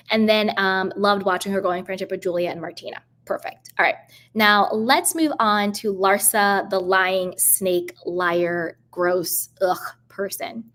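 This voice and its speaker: A woman giving a casual, indignant recap of a reality show, talking straight to camera and acting out what others said. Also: medium pitch. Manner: animated, indignant, acts out quoted voices. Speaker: reality TV commentator.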